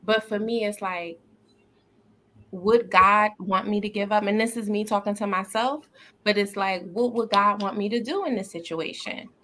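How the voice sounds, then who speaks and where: Brief: upbeat woman podcast host, bright tone, earnest faith chat, quick laughs. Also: mid-range voice, fairly even intonation. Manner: upbeat, earnest, laughs often, many fillers.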